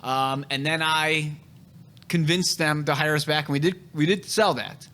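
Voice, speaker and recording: A man's voice: a little high, fairly even intonation, normal speed, bright, forceful tone. A man hosting a casual podcast chat, telling real estate stories in a blunt, profane way.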